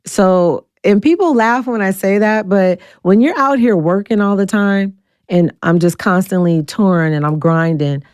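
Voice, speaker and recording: A woman in her forties, a guest telling her story bluntly and acting out the quoted voices with big jumps in pitch. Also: measured pace, darkish tone, clean tone, no echo. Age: 40s. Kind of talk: candid storytelling interview.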